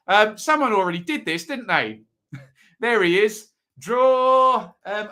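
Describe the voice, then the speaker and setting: A man's voice: on the high side, bright, forceful tone. A man hosting a live football predictions stream, chatting casually and reading out viewer comments. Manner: chatty, reads out viewer comments, quick asides. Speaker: football predictions show host.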